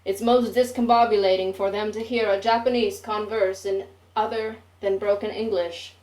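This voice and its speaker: A woman's voice: medium pitch, steady tone, normal speed, a little mellow, natural voice. A woman reading a curt, proud Japanese man. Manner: curt, clipped retorts. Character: proud, prickly Japanese man drinking at a bar. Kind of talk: short story reading. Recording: roomy, distant mic.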